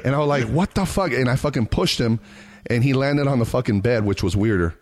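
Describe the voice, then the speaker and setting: A man's voice: medium pitch, fairly quick. Swearing man telling a story. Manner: animated storyteller, swears often, acts out quotes. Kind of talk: casual chat, storytelling.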